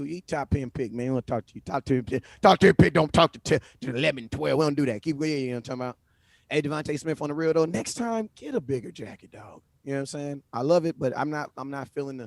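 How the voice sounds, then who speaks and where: A man hosting a livestream, talking sports in a casual, animated, slangy way and often repeating himself. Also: mid-range voice, no room sound, clean studio sound. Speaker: livestream host. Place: home livestream setup. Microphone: phone.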